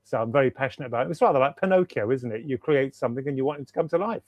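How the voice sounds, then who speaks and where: A man's voice: mid-range voice, very fast, no room sound, lo-fi sound. A man, a guest author chatting enthusiastically in an interview over a video call, rambling and repeating himself for emphasis. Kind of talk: casual interview chat.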